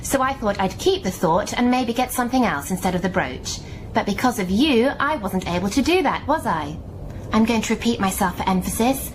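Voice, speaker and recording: A woman's voice: medium pitch, lively intonation, fairly quick, a little hiss or hum, lightly acted, poor audio. An actress playing Kate, a self-centred young woman who talks bluntly and condescendingly in a radio drama. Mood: accusing.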